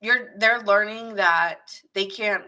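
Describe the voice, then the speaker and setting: Bright-voiced woman reading tarot, chatty and quick to laugh. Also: mid-range voice. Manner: chatty, laughs often, acts out what people think. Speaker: tarot reader. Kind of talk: casual live-streamed tarot reading.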